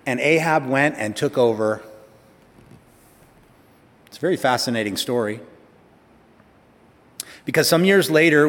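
A male pastor preaching a sermon in a church, emphatic, slowing down and speeding up and rising to stress his points. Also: mid-range voice, fairly bright tone. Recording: long hall reverb.

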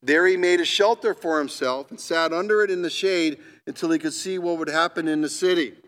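Pastor guy preaching, reads the bible bits slow and heavy then chats about them, bit of a higher voice. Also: fairly bright tone. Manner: reads scripture aloud with emphatic pauses, then comments conversationally. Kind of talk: sermon.

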